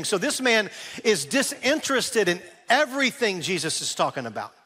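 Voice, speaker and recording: A pastor delivers a sermon in a conversational, animated style, tossing asides to the congregation. His voice sits high, and he's in a large hall.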